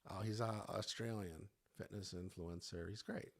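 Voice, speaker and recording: A man's voice: lowish voice, steady tone, moderate pace, gravelly. A man hosting a podcast as a fitness coach, chatting loosely with laughter and swearing. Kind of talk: casual chat.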